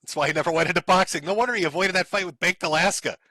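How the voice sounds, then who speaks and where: Stream host, man, middle-aged, high and bright, sarcastic mocking commentary, dry close mic. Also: racing, no echo. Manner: sarcastic, mocking, laughs often.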